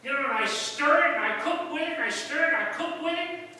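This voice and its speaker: A man preaching a sermon as pastor, in a folksy storytelling way that jumps into loud outbursts. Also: very high-pitched, expressive, fast talker. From United States. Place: church sanctuary. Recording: echoey hall from far off.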